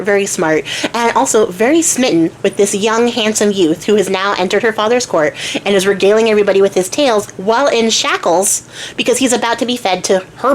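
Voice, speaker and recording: A woman's voice: medium pitch, a little hiss or hum. A young woman retelling a myth casually as a craft channel host, chatty and slangy, often stopping to hunt for words. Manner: chatty, slangy, self-interrupting.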